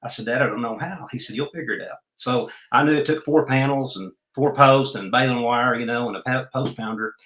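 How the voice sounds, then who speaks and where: A man spins an unhurried, folksy yarn as a podcast guest. His voice is bright and forceful. The room around him adds a noticeable echo. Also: medium pitch. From Oklahoma. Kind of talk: storytelling in a podcast interview.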